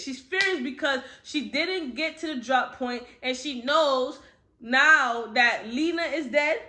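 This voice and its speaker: A woman's voice: high-pitched, sharp tone. A woman giving a casual, slangy recap of a book, chatty and full of swearing. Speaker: book reviewer. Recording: roomy echo.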